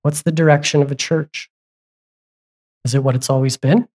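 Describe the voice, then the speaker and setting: Pastor preaching, chatty sermon, keeps asking the church questions, middle pitch. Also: steady tone, normal speed, darkish tone. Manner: asks the congregation repeated questions; conversational, with asides and self-corrections.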